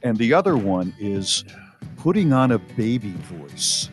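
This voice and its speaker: Middle-aged man, co-host, lively pitch swings, casual banter, faint music behind. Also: measured pace. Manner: animated, storytelling, mock voices for jokes. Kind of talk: casual radio show banter.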